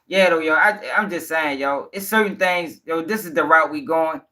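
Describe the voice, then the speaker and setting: A fairly high-pitched man hosts a livestream commentary, ranting bluntly with plenty of cursing. He talks straight to his viewers and argues back at chat comments. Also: moderate pace, pushed and bright. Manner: addresses viewers directly. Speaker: commentary show host.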